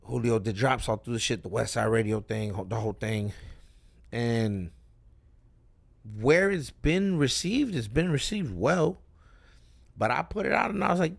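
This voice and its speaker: A man rapper as a guest, talking in a loose, profane, rambling way while high, often cutting himself off. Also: expressive, a little slow, creaky, long pauses. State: high, with cotton mouth. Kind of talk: casual live-stream chat.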